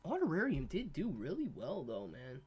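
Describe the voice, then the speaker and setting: A man's voice: a little high, moderate pace, slightly rough. A man hosting a casual livestream, rambling to his viewers while coughing and sniffling from allergies. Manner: rambling, animated, talks to viewers. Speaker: livestream host.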